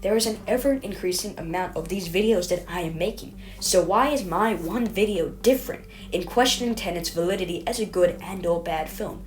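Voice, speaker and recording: A woman's voice: lowish voice, fairly quick, few pauses. Self-mocking woman reading a video essay. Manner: self-mocking, rambling, stumbles over words. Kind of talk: scripted commentary voice-over.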